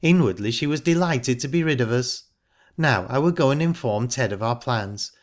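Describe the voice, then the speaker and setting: A man voicing a calm, sharp-tongued young woman who speaks in a pointed, ironic way. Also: mid-range voice, moderate pace, pitched above the performer's own voice, lightly acted. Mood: pleased. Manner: cool, pointed and cutting.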